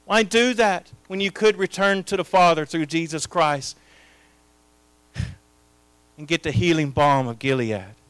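Impassioned high-voiced male preacher. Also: smooth, no room sound. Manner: impassioned, swinging from hushed to loud. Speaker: pastor. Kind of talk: sermon.

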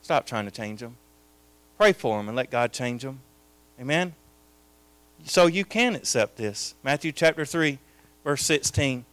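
A man preaching a sermon as pastor, his delivery swinging between hushed, intimate lines and loud, impassioned proclamations. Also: medium pitch, animated, unhurried, long pauses, clear, resonant tone, dry recording.

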